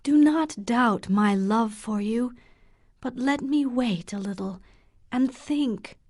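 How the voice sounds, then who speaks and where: A woman's voice: on the high side, slow, a little mellow, pitched above the performer's own voice. A woman voicing a shy troubled young woman. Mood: subdued.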